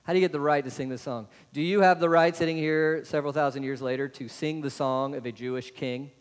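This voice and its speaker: Male pastor, questioning the congregation, a bit high-pitched, with a long church reverb. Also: fairly even intonation, fast. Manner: asks the congregation many rhetorical questions, adds "right?". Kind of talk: sermon. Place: church sanctuary.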